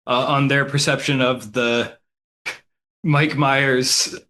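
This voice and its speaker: Bright-voiced chatty male podcast co-host. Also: mid-range voice, little pitch movement, slow, slight background noise. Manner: loose and chatty, frequent "like". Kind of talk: casual chat.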